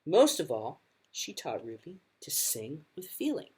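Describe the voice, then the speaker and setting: Brief: female music teacher narrating a kids' book, slow and animated. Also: low-pitched, breathy edge. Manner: expressive, animated storytelling. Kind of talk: reading a picture book aloud.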